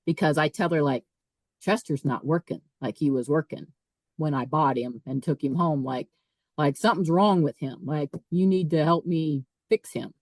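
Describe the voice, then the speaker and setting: A woman, a podcast guest, telling a personal story in a lively way, often repeating and restarting her words. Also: low-pitched, normal speed, no echo, poor audio. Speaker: podcast guest, author and speaker. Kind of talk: casual storytelling.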